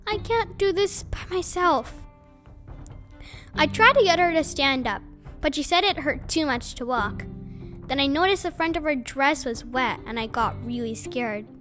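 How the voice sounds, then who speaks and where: Bright high-voiced woman reading a story. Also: lively intonation, moderate pace, soft background music. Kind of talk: reading a children's novel aloud.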